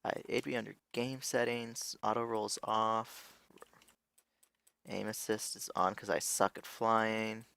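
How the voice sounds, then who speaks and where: A man's voice: on the low side, little pitch movement, slow, gravelly, sharp tone, clean tone, dry recording. A young man giving casual, rambling let's-play commentary as a gaming video host, thinking aloud and restarting his sentences.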